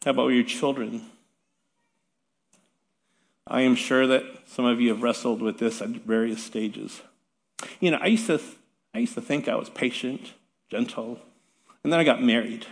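A man's voice: medium pitch, fairly even intonation, moderate pace, creaky, long pauses. Conversational pastor, man in a reverberant hall. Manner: conversational, self-deprecating humor with light laughs. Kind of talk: sermon.

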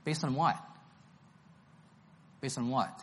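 A man's voice: medium pitch, steady tone, slow. A man preaching an expository Bible-study sermon, emphatic and enthusiastic, repeating his key phrases.

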